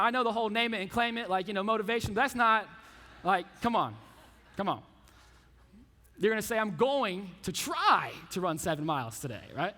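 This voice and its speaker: A man preaching a youth sermon, telling stories with lots of casual asides. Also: sits high. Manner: casual, animated storytelling with frequent asides. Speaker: youth pastor. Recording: reverberant hall.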